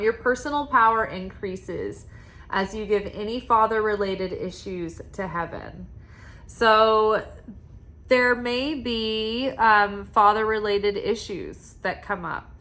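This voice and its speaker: A woman reading oracle cards in a relaxed spiritual vlog, sounding confiding and unpolished. She rambles and fills her sentences with "like", and sometimes drops to a soft, quiet voice. Her voice sits at an ordinary middle pitch. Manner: rambling, confiding, many "like" fillers; soft and quiet at times, with sighs and laughs. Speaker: oracle card reader.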